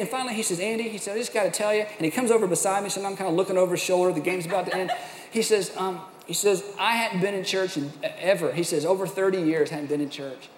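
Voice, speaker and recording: High-voiced man preaching in an echoey hall. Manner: animated, self-mocking storyteller. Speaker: pastor. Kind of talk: sermon storytelling. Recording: echoey hall, faint room noise.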